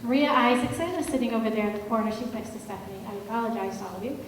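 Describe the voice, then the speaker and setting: A woman's voice: on the high side, rapid-fire. A woman moderating a public agency meeting, introducing the panel in a friendly way with many fillers. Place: large public meeting hall. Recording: echoey hall from far off, faint hum.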